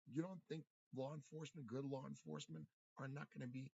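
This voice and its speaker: A man's voice: mid-range voice, steady tone, brisk, vocal fry, mellow. A man in a rambling, profane livestream monologue, stumbling over his words and repeating himself, recorded in his room at home. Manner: rambling, profane, with many restarts and stammered repeats. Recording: dull lo-fi, dry sound.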